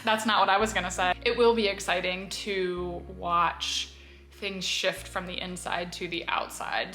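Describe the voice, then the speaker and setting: A woman's voice: fairly low pitch, pushed and bright. A young woman co-hosting a vlog from a car, chatting to viewers in an upbeat way while recovering from a cold that makes her voice crack. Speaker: vlog co-host. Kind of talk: casual chat to viewers.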